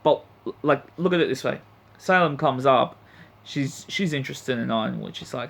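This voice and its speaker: A man's voice: mid-range voice, moderate pace, creaky, a bit bright. A man reviewing an anime episode in a blunt, profane, heated rant. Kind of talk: ranting review vlog.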